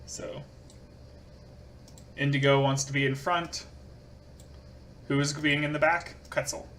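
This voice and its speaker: A man's voice: on the high side, little pitch movement, slow, fairly bright tone, a little hiss or hum. A man narrating as game master in a voice role-play, hesitant and self-deprecating. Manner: hesitant, full of ums and self-deprecating asides.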